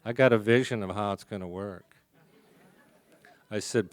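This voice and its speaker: A man's voice: lowish voice, fairly even intonation, moderate pace, no room sound, studio quality. A man speaking at a recovery meeting, telling his story in a humorous, confessional way. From American. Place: conference hall.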